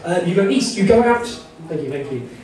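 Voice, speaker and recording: Guy gm-ing a text adventure, high voice, jokey and rambly, echoey hall, mic far off, crowd around. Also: sing-song, fairly quick. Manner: jokey and rambling, full of "you know" asides, laughing often. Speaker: game master. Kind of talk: improvised narration of a live text-adventure game. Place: convention panel room with an audience.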